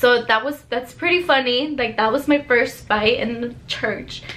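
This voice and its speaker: A young woman talks straight to her viewers, telling a personal story. She is chatty and animated and fills her sentences with "like". Her voice sits a little high. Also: unhurried. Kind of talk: casual storytelling to camera.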